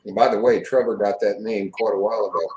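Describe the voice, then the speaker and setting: A man's voice: fairly low pitch, fairly even intonation, quick pace, darkish tone, poor audio. A man in casual chat who chimes in with dry, offhand remarks.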